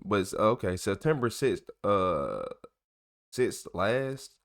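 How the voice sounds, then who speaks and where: A man with a fairly low voice reads old reports aloud as a channel host. He stumbles on the longer words, corrects himself, and slips into loose, slangy joking between passages. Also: sing-song, takes it slowly, fairly bright tone. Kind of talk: casual commentary while reading documents aloud.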